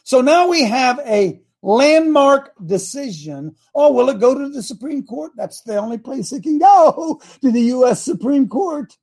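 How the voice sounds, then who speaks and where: A man hosting a Christian talk show as a coach, preaching emphatically, repeating key words slowly and calling out to his crew by name. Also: extremely high pitch, darkish tone. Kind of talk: fiery preaching-style talk to viewers.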